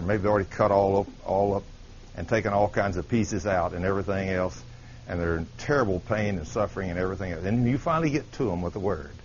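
A man preaching a sermon, telling a testimony story with quoted dialogue and rising to emphatic peaks. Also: low voice. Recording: dull lo-fi sermon recording with faint hiss.

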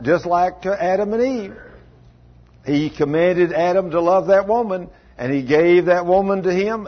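A man preaching a folksy sermon, chuckling often and calling on congregation members by name. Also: high voice. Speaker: pastor. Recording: dull lo-fi church recording.

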